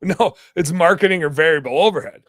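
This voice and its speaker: Joking male podcast host, bright dry voice. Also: fairly high pitch, brisk, no echo. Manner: joking, laughs often, reads listener comments aloud. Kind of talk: casual podcast chat.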